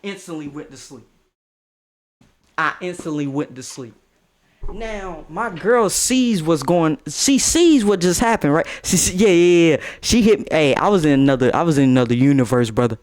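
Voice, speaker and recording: A young man telling a casual storytime with slang and swearing, breaking into high-pitched outbursts. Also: moderate pace. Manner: animated, swings into high-pitched outbursts when quoting.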